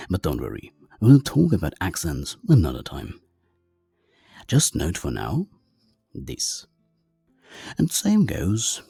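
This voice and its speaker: Slow, gravelly deep-voiced man teaching. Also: dark tone, no echo. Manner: methodical, spells out letters and sounds. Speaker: language teacher. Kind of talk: explanatory lesson.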